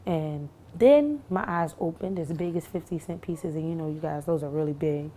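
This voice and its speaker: A young woman recounting what she lived through, halting with many fillers and restarts. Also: low-pitched, mellow. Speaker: shooting survivor. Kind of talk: recounting testimony to camera.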